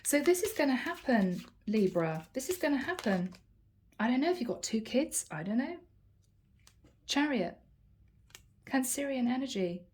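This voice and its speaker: A woman's voice: sits high, very animated, moderate pace, pauses often, a little mellow, slight background noise. A woman giving a casual tarot reading to camera in a playful, teasing and slightly sarcastic manner. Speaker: tarot reader.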